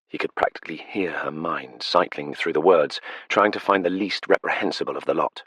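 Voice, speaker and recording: A man narrating an audiobook in a steady, measured storytelling voice. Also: very deep voice, slightly rough, no room sound. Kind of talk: scripted narration. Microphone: close studio mic. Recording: dry close studio sound.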